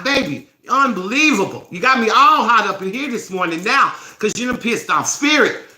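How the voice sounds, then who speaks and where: Woman, live-stream host, angry profane rant, piercing bright voice, roomy echo. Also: medium pitch. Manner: profane, scolding, forceful. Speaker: host of a self-help live stream challenge.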